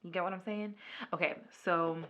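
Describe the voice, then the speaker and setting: A woman vlogger chatting casually through a makeup video, retelling a story in an animated way with lots of filler words. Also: fairly low pitch, moderate pace, highs cut off. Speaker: beauty vlogger. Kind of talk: casual makeup vlog chat.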